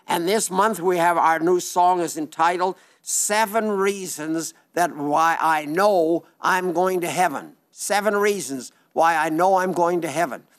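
An older man preaching a sermon in a studio, earnest and folksy, slowing down on emphatic phrases. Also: a little high. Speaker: radio/TV preacher reading listener letters.

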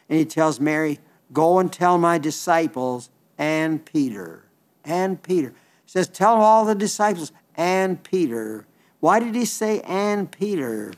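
An older man preaching an Easter sermon in a folksy, halting way, often restarting his words. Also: on the high side.

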